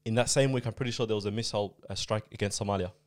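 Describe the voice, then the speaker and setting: A man's voice: lowish voice, fairly even intonation, rapid-fire, no room sound. A man in casual podcast chat, explaining at length with many fillers and asides. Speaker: podcast co-host.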